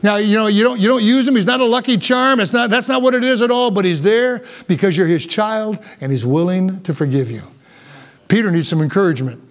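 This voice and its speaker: Impassioned preacher man, high-pitched. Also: fairly quick. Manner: impassioned preaching, rising to high emphatic peaks. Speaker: pastor. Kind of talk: sermon.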